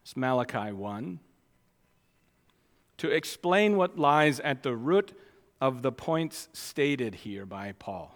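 Emphatic preacher in a reverberant hall. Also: male voice, on the high side, animated, slow pace. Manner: swings from quiet asides to loud emphatic declarations. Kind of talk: sermon.

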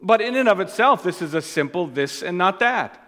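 A man preaching a sermon as pastor. He stresses and repeats key phrases, and his voice swings between loud and quiet. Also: high voice, lively intonation, brisk, big-room sound.

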